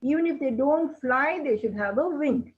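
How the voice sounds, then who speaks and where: A woman teaching a puppetry workshop, explaining how to make puppets in a gentle, explanatory way. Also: sits high, expressive, moderate pace. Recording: dull lo-fi sound.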